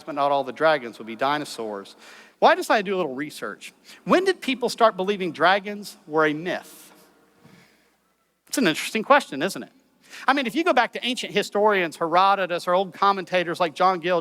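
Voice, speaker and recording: A man lecturing a live audience in an animated way, with many rhetorical questions. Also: high-pitched. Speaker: speaker.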